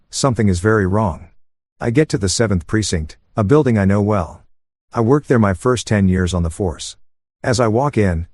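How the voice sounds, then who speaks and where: A man narrates a first-person story in a steady, even way. His voice sits fairly low. The recording is close and dry, with no room echo.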